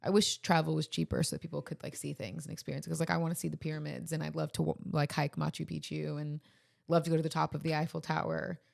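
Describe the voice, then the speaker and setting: A woman's voice: deep voice, flat delivery, fast talker, vocal fry, darkish tone, dry recording, studio quality. A woman in her thirties co-hosting a casual podcast chat, earnest and a little emotional, hesitating with ums. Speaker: podcast co-host.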